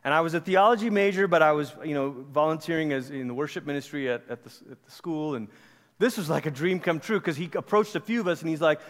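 A pastor in his forties from Malaysia, preaching in a casual, animated storytelling manner to a church. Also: a little high, fast. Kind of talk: conversational sermon. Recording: long hall reverb.

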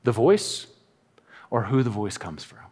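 A middle-aged man preaching a sermon as pastor, telling stories and acting out little asides in an animated way. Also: mid-range voice, a little slow, slightly rough. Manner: animated storytelling with acted-out asides. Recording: long reverb of a large hall.

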